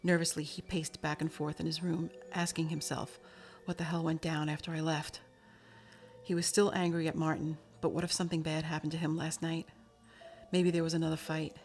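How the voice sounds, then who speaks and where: A woman narrating a novel chapter in a steady, measured reading voice. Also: low-pitched, faint music behind. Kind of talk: storybook narration.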